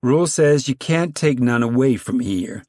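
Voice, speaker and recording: A man's voice: mid-range voice, expressive, normal speed, mellow, no room sound, pitched above the performer's own voice, close to an everyday voice. Male reader plays bossy rural woman chairing committee; stern, drawling, dry close read.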